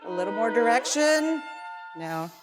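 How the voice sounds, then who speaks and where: A woman with a fairly high, sing-song voice speaks a little slowly over loud violin music. She's running a violin masterclass in a recital hall, offering short, encouraging cues as a student plays, humming phrases to show how they should go, and repeating her praise.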